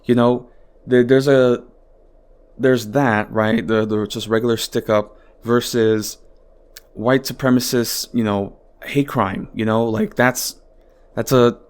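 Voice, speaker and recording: A man's voice: mid-range voice, fairly even intonation, slow pace, clear, resonant tone. A man hosting a podcast, talking alone in a rambling, exasperated way with lots of swearing and filler words, from his home. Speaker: podcast host. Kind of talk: casual solo podcast monologue.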